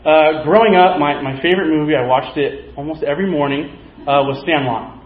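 A man's voice: fairly high pitch, brisk. A man giving a sermon, telling a movie story and acting out its characters' lines. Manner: storytelling, acts out quoted characters. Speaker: preacher. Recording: echoey, slightly dull sound.

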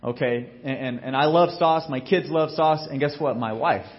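A man preaching a sermon as pastor, telling a story in a casual, joking way and acting out what people say, getting loud and then dropping low. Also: moderate pace, muffled recording. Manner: animated storytelling, acts out quotes with big swings in loudness.

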